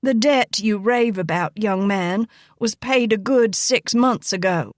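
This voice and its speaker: A woman voicing a proud white-haired woman in her sixties, with a firm, oddly pleasant, rasping voice. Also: medium pitch, measured pace, no echo, studio quality, lightly acted. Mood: calm. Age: 60s.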